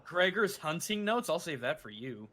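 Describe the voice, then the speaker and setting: Man, stream co-host, casual reading aloud, halting, high pitch, bright tone. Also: sing-song. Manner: halting reading with restarts and asides.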